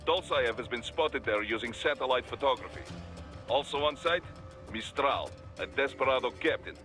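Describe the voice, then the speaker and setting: A brisk military commander, giving orders in a bright, forceful voice. Game music plays under him. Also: male voice, mid-range voice, lively intonation. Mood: briefing. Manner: commanding, briefing.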